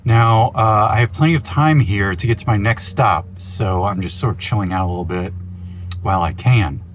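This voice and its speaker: A man's voice: lowish voice, moderate pace, slight background noise. A man from Oregon giving a casual, rambling video update from inside his van, with goofy self-mocking asides. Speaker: van life vlogger.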